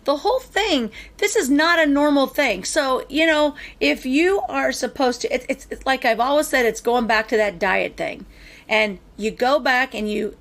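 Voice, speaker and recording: A woman hosting a podcast, telling stories in casual chat with animated emphasis. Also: high-pitched, moderate pace. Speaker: podcast host.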